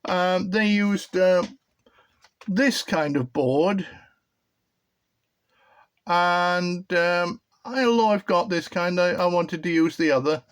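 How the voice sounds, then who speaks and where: A man's voice: high voice, slow, long pauses, smooth. A British man hosting his own hobby electronics video, giving a casual show-and-tell that rambles and hesitates with frequent ums and restarts.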